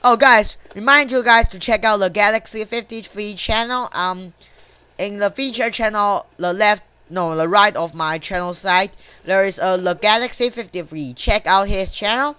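A woman's voice: medium pitch, normal speed, bright, forceful tone, smooth, no room sound. A woman giving casual commentary while playing a game, often swearing and grumbling at the plays, talking to herself and her viewers. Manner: talks to self and viewers between plays. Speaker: gamer.

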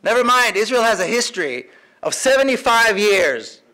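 A man with a high voice gives an impassioned speech in a large lecture hall. His tone is bright and forceful. He is emphatic and hammers home points by repeating phrases. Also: very animated, moderate pace. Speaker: activist speaker.

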